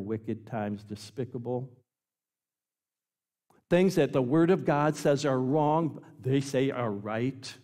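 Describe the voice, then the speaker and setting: A man preaching a sermon as pastor, emphatic, swinging between loud passages and quiet ones. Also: medium pitch, long reverb tail. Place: church sanctuary.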